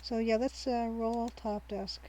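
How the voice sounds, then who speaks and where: A woman's voice: a little high, flat delivery, measured pace, warm tone, a little hiss or hum, poor audio. Chatty woman narrating her gameplay. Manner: chatty and rambling, thinks aloud with frequent ums; cheerful, laughs easily. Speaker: streamer. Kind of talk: casual let's-play commentary.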